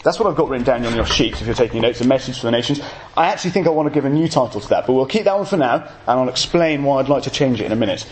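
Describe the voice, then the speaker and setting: A man's voice: medium pitch, animated, very fast, few pauses. A man preaching an evening sermon, explaining scripture with jokey asides to his congregation.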